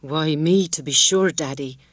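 A woman's voice: low-pitched, measured pace, no room sound. A woman reading the part of an affectionate, ingenuous young village woman speaking plainly and tenderly. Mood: fond, ingenuous.

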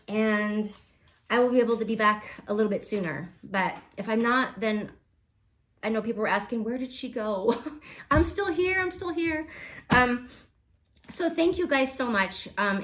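A woman in her thirties with a fairly high, fairly bright voice hosts a casual cross-stitch vlog on Flosstube. She chats to her viewers in a rambling way and laughs often.

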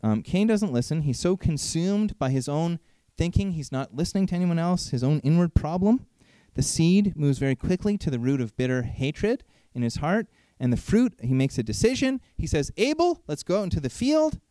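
A man preaching a sermon in an animated, conversational way, asking frequent rhetorical questions. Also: fairly high pitch, normal speed, no room sound.

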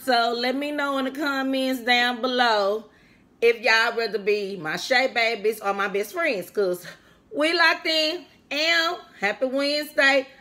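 A young food vlogger with a somewhat high voice does a casual mukbang, loud and playful as she chats with viewers like friends. Between remarks she eats on mic, with audible mouth sounds.

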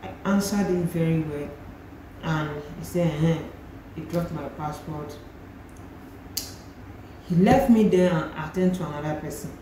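A woman's voice: low voice, measured pace, long pauses, dark tone, slight background noise. A young Nigerian woman with a Nigerian accent, animatedly retelling a personal story in a vlog and slipping into pidgin phrases. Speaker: vlogger. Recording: very echoey room, faint ambience.

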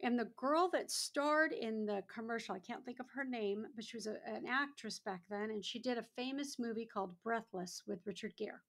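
A woman in her sixties tells stories as a podcast guest, her voice a little high. She talks casually and animatedly, slipping into the voices of the people she quotes. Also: moderate pace, few pauses. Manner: animated, acts out other people's lines. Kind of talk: casual storytelling.

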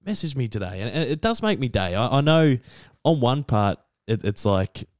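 A man's voice: medium pitch, moderate pace, no room sound, clean studio sound. A young Australian man on a casual podcast, telling stories eagerly with lots of fillers and restarts. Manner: excitable storyteller, many fillers and restarts. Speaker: podcast co-host.

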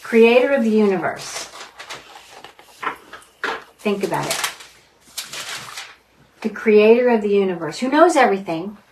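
A woman's voice: medium pitch, animated, unhurried, long pauses, darkish tone. A woman teaching a Bible study group in a conversational style, earnest and dwelling on single words. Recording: distant mic, faint background noise.

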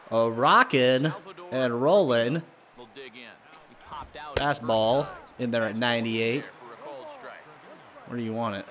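A man casually commenting on his own baseball video game as he plays, swearing and yelling at bad pitches, then talking himself back to calm. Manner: swears and yells in bursts of frustration, then talks himself calm. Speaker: gaming video creator.

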